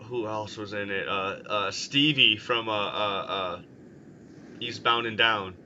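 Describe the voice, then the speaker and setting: A young American man with a bright, forceful voice talks excitedly on a podcast, swearing freely. The sound is dull and lo-fi, with a faint hiss of noise behind him. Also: on the low side, unhurried. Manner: excitable, sweary, bursts of loud enthusiasm. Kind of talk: casual podcast chat.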